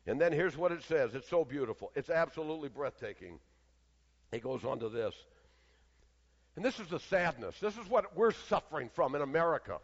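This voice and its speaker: High-voiced preacher in an echoing hall. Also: male voice, animated, a little fast. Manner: dramatic swings from loud declaiming to hushed near-whispers. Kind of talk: sermon. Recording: long hall reverb, dull lo-fi sound.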